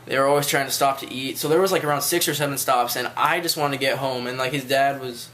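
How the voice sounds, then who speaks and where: A man's voice: mid-range voice, steady tone, quick pace, fairly bright tone, slight background noise. A man telling a rambling, casual story to his viewers, with loose phrasing and frequent swearing. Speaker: vlogger.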